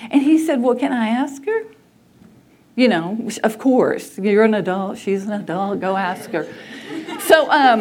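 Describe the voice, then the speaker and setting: Animated high-voiced woman storyteller. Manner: animated storyteller, laughs often, acts out quotes. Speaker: church speaker telling a family story. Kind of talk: storytelling talk to a church audience.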